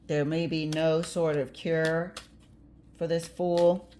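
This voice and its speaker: Woman tarot reader, low-pitched, chatty and blunt, slight hiss behind. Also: little pitch movement, slow, dark tone. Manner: chatty, blunt, laughs easily, occasional swearing. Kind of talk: casual tarot reading.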